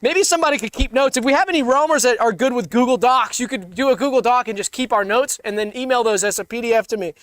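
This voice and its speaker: High-voiced rambling man, dry mic. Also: fast talker, few pauses, fairly bright tone, dry recording. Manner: meandering, restarts often, acts out bits. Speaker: comedy podcast co-host pitching sketches. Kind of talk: rambling casual brainstorming.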